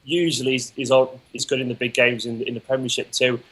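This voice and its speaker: A man's voice: medium pitch, level tone, fairly quick, a bit bright, low-quality recording. A man appearing as a guest in a casual football chat, enthusiastic and opinionated.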